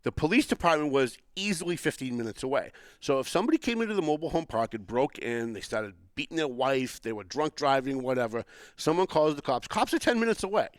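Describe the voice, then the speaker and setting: A man's voice: medium pitch, lively intonation, fast, dry recording. Guy rambling thru a story on his podcast, dry close sound. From Boston area. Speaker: podcast host. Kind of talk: casual political chat.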